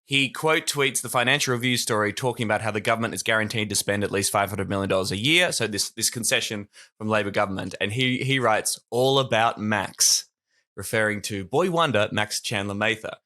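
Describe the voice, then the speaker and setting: A man's voice: on the low side, fast, sharp tone. A man with an Australian accent co-hosting a political podcast, explaining policy with wry humour and frequent laughter. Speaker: podcast co-host. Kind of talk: casual political chat.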